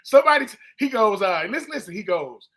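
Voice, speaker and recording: Man, 40s, sports podcast co-host, high voice, casual animated storytelling. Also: fast talker. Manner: animated storyteller who acts out quoted people. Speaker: co-host, former football player.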